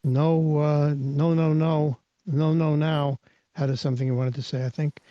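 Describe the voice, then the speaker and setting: A man's voice: a little high, flat delivery, measured pace, dry recording. A man hosting a live audio talk, coaching and teaching in an emphatic way, repeating words and restarting his sentences. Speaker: host and mindset coach. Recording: dull, lo-fi online audio.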